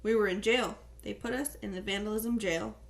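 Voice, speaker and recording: A woman's voice: mid-range voice, fairly even intonation, moderate pace, vocal fry, natural voice. A woman reading an audiobook, voicing a surly teenage boy who answers curtly and snaps back. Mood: sullen. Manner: curt, snappish.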